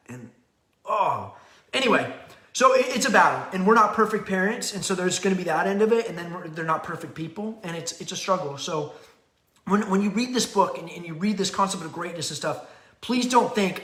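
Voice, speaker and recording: A man's voice: a little high, brisk, fairly bright tone. A middle-aged man hosting a parenting show, talking in a candid, rambling way and acting out little quotes. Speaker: podcast host and parenting author. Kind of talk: casual rambling talk. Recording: echoey room.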